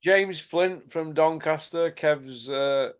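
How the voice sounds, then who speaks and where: Blunt man, slightly high voice. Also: slow pace, clear, resonant tone. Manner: blunt, laughing, sweary banter. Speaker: host. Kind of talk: casual chat.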